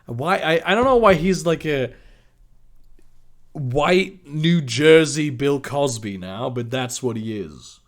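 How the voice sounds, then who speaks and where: A man with a highish, animated voice reads fan fiction slowly in a mocking, dramatic comedic style, interrupting himself with sarcastic, disbelieving remarks.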